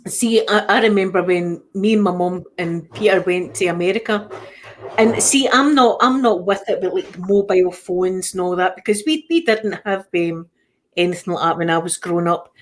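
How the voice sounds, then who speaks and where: A woman's voice: lowish voice, normal speed. A middle-aged Scottish woman hosting a casual live chat. She tells everyday stories and acts out the voices of the people in them. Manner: chatty storyteller who acts out the voices in her stories. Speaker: channel host.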